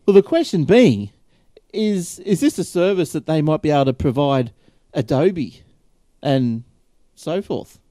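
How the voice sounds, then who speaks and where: Chatty tech podcast host, a man with a slightly high, warm voice who rambles. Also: lively intonation, unhurried, no room sound, clean studio sound. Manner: rambling, chatty, laughs often. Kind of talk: casual tech chat.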